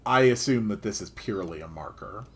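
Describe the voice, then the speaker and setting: A man's voice: on the low side, lively intonation, brisk, fairly bright tone, slight background noise. A man giving casual gameplay commentary with dry, joking asides. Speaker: let's-play host.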